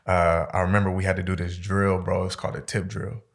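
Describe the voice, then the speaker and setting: A man from Stockton, California, guest on a podcast, telling stories in a casual, profane, slangy, animated way. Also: low-pitched, brisk, gravelly. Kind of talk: casual storytelling interview.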